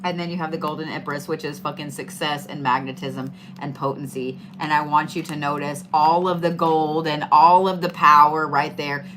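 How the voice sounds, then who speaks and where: A woman's voice: sits low, steady tone, moderate pace, few pauses, noisy background. A middle-aged woman giving casual, playful zodiac tarot readings, swearing freely and hyping up her listeners. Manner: swearing, playful, hyped-up and chatty.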